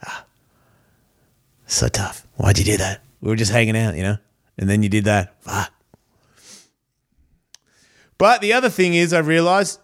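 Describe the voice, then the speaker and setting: A man's voice: fairly high pitch, a bit bright. A man hosting his own podcast alone, rambling in a casual, profane, self-mocking way. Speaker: podcast host. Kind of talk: rambling solo podcast monologue. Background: cat purring and moving nearby.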